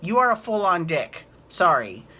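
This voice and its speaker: Brief: woman with a low, bright voice, chatty and blunt, sarcastic, swears often. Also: big pitch swings, measured pace, slightly rough. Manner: rambling, sarcastic, swears freely. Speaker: recap vlogger. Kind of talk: casual recap chat.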